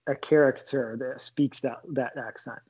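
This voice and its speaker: A man's voice: medium pitch, fairly even intonation, a little slow, darkish tone, husky. A man, a comedian, talking casually and enthusiastically in an interview. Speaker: comedian guest. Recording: dull lo-fi sound.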